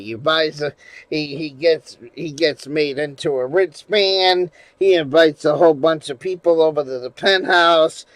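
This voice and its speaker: A man's voice: on the high side, dry recording, low-quality recording. Profane rambling male live streamer. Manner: rambling, profane, shifts from mumbling to loud ranting. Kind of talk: casual live stream chat.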